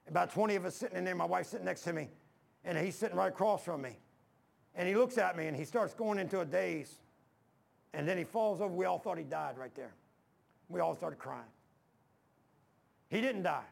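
A man's voice: high-pitched, a little fast, creaky, pauses often. A male pastor preaching a sermon in a church, telling folksy stories and acting out the dialogue. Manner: folksy storytelling, acts out dialogue.

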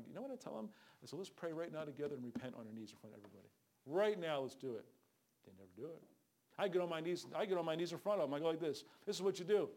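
A man's voice: a little high, sing-song, fast talker, darkish tone. A middle-aged man preaching a fervent sermon, calling for amens and acting out the people in his stories. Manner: fervent, calls for amens, acts out quoted people. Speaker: street preacher.

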